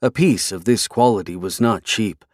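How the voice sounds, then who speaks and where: A man narrating a fantasy novel in a measured, even storytelling way. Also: lowish voice, no echo, studio quality. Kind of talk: scripted fantasy audiobook narration.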